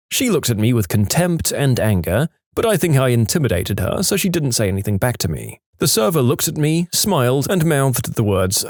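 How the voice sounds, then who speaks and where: A man's voice: medium pitch, brisk, few pauses, no room sound. Guy reading out reddit stories, voice bouncing all over, super dry close sound. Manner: lively storytelling, quotes in varied voices. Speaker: story narrator.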